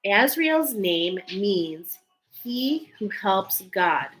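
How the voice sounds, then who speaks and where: Bright-voiced woman reading oracle cards. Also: mid-range voice, very animated, extremely slow, low-quality recording. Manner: earnest, emotional, reads card texts aloud with many fillers. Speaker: tarot card reader. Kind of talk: spiritual card reading.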